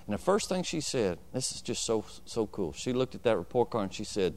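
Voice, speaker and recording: A man's voice: medium pitch, expressive, normal speed, darkish tone. A man pastor preaching a sermon, telling a personal story and calling out to the congregation for agreement.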